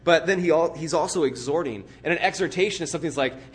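A man with a somewhat high voice preaches to his church. He speaks in an earnest, emphatic way and builds vivid everyday pictures to make his point. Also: lively intonation, fast talker. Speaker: pastor. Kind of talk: sermon.

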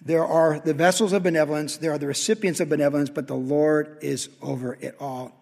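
A man preaching a sermon, telling a story with sudden loud excited peaks between quiet stretches. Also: fairly high pitch, brisk, gravelly, big-room sound. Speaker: pastor.

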